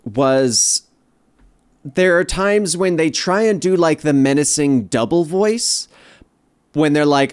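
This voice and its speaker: A man co-hosting a casual chat about a TV episode, with a wry, measured, hedging way of critiquing. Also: a little high, lively intonation. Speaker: podcast co-host.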